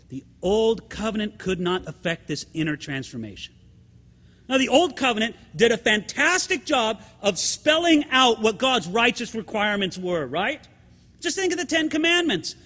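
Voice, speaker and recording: A man's voice: very high voice, sharp tone. A middle-aged man preaching a sermon as pastor, speaking emphatically and calling the congregation friends with rhetorical questions. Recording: long hall reverb.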